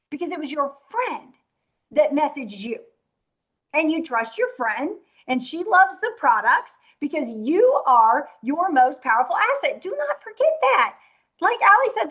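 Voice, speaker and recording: A woman with a high voice runs a motivational sales training. She talks in an emphatic, direct way to her group and drops into a softer voice to act out her own pitches.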